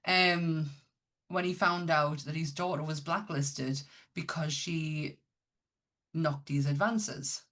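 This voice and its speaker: A woman's deep, somewhat bright voice moves slowly with fairly even intonation as she co-hosts a podcast. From Northern England, she chats casually and eagerly about films, frequently starting over mid-thought.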